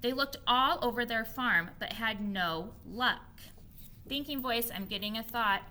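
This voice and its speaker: With a voice pitched a little high, a woman teacher films herself modeling a reading lesson for young children. She repeats the key points slowly, in a patient, expressive way.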